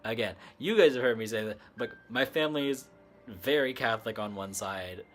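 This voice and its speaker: A man's voice: mid-range voice, fairly quick, a bit bright. A man hosting a casual livestream chat, telling a story in a rambling way, laughing often and using plenty of fillers. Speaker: livestream host.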